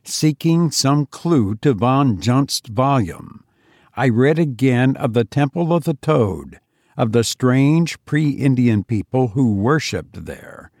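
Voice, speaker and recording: Measured male audiobook narrator. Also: mid-range voice, lively intonation, darkish tone, dry recording, studio quality. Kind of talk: first-person story narration.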